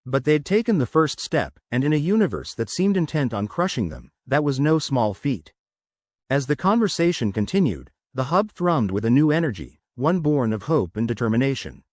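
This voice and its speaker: Lively male sci-fi story narrator. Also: medium pitch, normal speed, dry recording, studio quality. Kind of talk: scripted narration.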